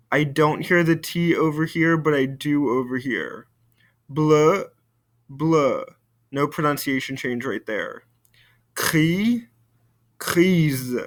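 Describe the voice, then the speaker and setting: A man, a French teacher giving a recorded video lesson, slowly modeling words for students to repeat. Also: fairly high pitch, fairly bright tone. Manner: slow, careful model pronunciation for students to repeat.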